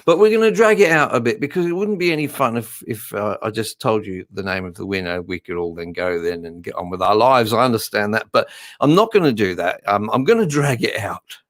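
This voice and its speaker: A man's voice: lowish voice, lively intonation, a little fast, no echo, clean studio sound. Chatty rambling male live-stream host. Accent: English-tinged Australian. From Australia. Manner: chatty, self-deprecating, rambling. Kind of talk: casual live-stream chat.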